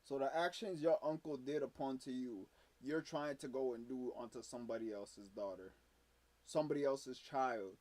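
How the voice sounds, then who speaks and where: A man's voice: medium pitch, moderate pace, darkish tone, no room sound. Foul-mouthed ranting male streamer. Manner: profane, angry ranting. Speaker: streamer reacting to a video. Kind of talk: live reaction commentary.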